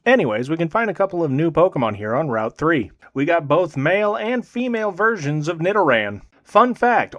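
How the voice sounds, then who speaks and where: A young man giving comedic, sarcastic commentary on a video game, swinging between loud exclamations and dry mutters. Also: on the high side. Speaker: gaming commentator.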